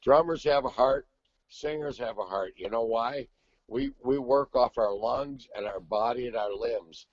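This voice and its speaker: An older man, a guest singer, telling stories in a brash, profane, animated way in casual chat. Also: mid-range voice, a little slow, dry recording, muffled recording.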